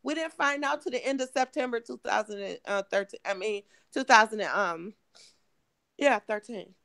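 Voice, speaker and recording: A middle-aged woman from Michigan, hoarse and emotional, telling her story in an interview with halting, restarting speech. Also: a little high, fairly bright tone, no room sound. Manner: halting, repeats words, restarts often. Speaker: guest, mother of missing woman.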